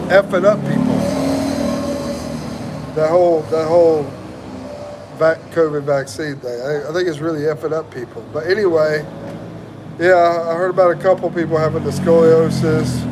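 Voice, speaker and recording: A man's voice: on the high side, noisy background. A man hosting a casual livestream, reading viewer comments aloud and greeting them, while he recovers from the flu and sounds congested. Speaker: livestream host.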